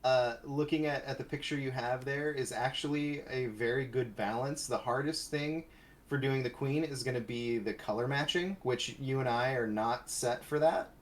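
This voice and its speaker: A man's voice: mid-range voice, normal speed. A man co-hosting a casual live stream, offering technical editing tips and passing along viewers' chat messages. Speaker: stream co-host reading chat.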